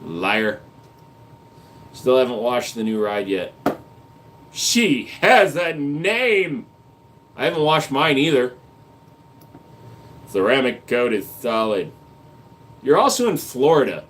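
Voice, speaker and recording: A man's voice: medium pitch, very animated, unhurried, pauses often, a bit bright. A man hosting a livestream, reading chat comments aloud and answering with crude jokes and casual gun talk. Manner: crude joking banter, reads comments aloud.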